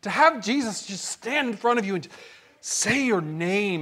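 A man's voice: sits high, animated, measured pace, sharp tone. A man preaching a sermon, retelling a story dramatically and acting out the quotes. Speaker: pastor.

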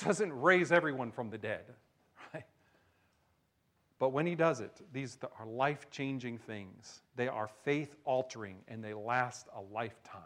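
A male pastor preaching a sermon, shifting between hushed emphasis and loud, excited storytelling. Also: mid-range voice.

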